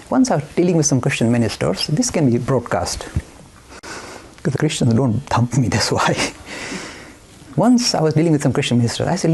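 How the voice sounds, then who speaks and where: A man's voice: fairly high pitch, big pitch swings, moderate pace, gravelly, pauses often, darkish tone, husky. A man giving an emphatic, provocative lecture on religion, full of anecdotes and self-aware jabs.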